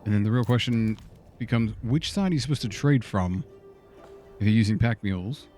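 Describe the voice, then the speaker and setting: A man with a low voice talks casually through a game, half to his viewers and half to himself. He keeps firing off exasperated questions at what is happening on screen. Soft music plays faintly behind him. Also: lively intonation, brisk. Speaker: game streamer. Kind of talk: casual gameplay commentary.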